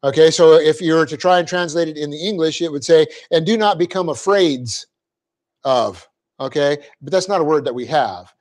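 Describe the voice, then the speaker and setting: A man's voice: fairly high pitch, darkish tone. A middle-aged man giving a classroom lecture on Greek grammar as a Bible teacher, explaining patiently, often checking in with his class and laughing at his own slips. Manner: light-hearted, quick to laugh at himself. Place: church classroom.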